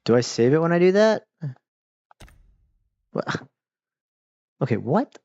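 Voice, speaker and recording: A man's voice: a little high, sing-song, takes it slowly, darkish tone, dry recording. Man, gaming commentary, chatty, fumbling with controls, dry close sound, muffled lo-fi mic. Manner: chatty, distracted, talks to the game characters. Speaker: gaming streamer. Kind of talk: casual let's-play commentary. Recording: dull lo-fi mic.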